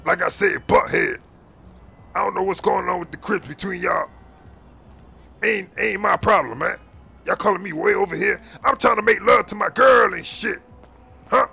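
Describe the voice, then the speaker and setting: Gruff, irritated gang leader played by a man; high, gravelly, confrontational street talk. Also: moderate pace, long pauses, pushed and bright, soft background music, full character voice. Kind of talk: game role-play voice.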